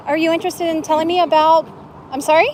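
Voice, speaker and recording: Sarcastic high-voiced woman on a noisy street. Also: little pitch movement, fast. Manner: sarcastic, questioning passersby. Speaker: street livestreamer. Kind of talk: casual live street commentary. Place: outdoors on a public city street. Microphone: handheld cell phone. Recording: loud outdoor street noise.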